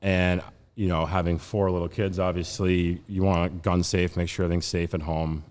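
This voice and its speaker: A man in his thirties, a podcast guest, telling a story in a casual, animated way with lots of laughs and fillers. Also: deep voice, moderate pace. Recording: roomy studio reverb.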